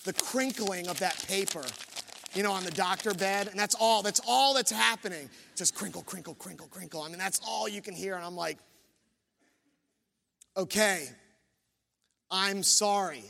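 Male pastor, thirties, high voice, self-deprecating storyteller, church hall with long reverb. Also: brisk, vocal fry, sharp tone. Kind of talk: sermon with personal story.

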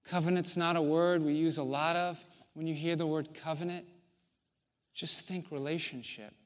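A man preaching a sermon in a church, measured, with long pauses, building to emphatic stretches. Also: fairly high pitch, fairly even intonation. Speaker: pastor. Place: church sanctuary.

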